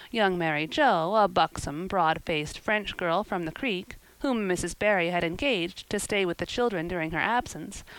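A woman's voice: medium pitch, no echo, rough recording. Woman reading a storybook aloud. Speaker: narrator. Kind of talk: audiobook narration.

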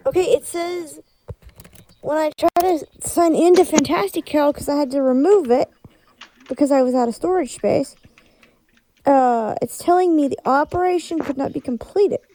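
A woman's voice: high voice, normal speed, dark tone. A woman in casual chat with friends, grumbling at a glitchy app and muttering "ew" to herself.

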